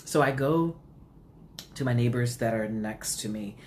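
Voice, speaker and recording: Very low-voiced woman telling a story. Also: a little slow, slight background noise. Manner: animated, filler-heavy storytelling with frequent "like"; dramatic jumps in pitch when quoting herself. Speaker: vlogger. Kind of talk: casual storytime.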